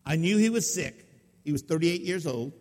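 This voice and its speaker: A man's voice: a little high, expressive, normal speed, darkish tone. A male pastor telling a story in a sermon, folksy and conversational, often putting questions to his listeners. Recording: long reverb of a hall.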